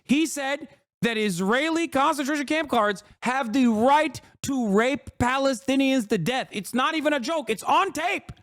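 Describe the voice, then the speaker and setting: A man's voice: extremely high pitch, a little slow, fairly bright tone, dry recording, studio quality. Profane, ranting male streamer. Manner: profane, heated ranting with sarcastic mockery. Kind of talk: live stream commentary.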